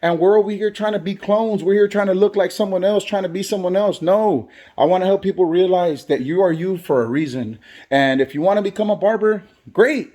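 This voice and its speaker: A man's voice: high voice, fairly quick, warm tone. A man who is a barber and father, talking earnestly in a motivational vlog and repeating phrases for emphasis. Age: adult, has kids. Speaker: barber and vlogger.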